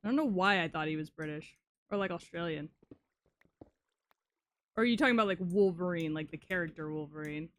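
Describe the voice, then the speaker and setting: A young woman chatting casually with her viewers while playing a game, swearing often and reacting loudly to chat messages. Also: on the low side, brisk, pauses often. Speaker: streamer. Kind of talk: casual live-stream chat while gaming.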